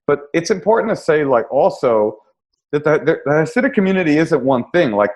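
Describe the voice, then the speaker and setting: A man's voice: on the high side, very animated, fairly quick, darkish tone. A man, a comedian guest, telling wry, self-deprecating stories in a casual podcast chat. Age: young adult.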